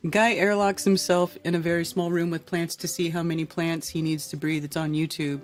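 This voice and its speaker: A woman's voice: lowish voice, level tone, a little fast, soft background music. A woman hosting a casual live-stream talk show, speaking in a blunt, profane, exasperated manner. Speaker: podcast host.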